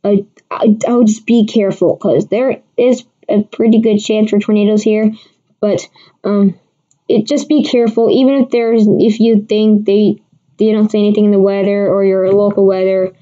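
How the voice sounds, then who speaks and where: A woman's voice: mid-range voice, flat delivery, moderate pace, mellow. Rambling woman giving a livestream weather forecast. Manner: rambling, many restarts, answers chat viewers. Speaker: amateur weather forecaster host. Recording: dull lo-fi stream audio.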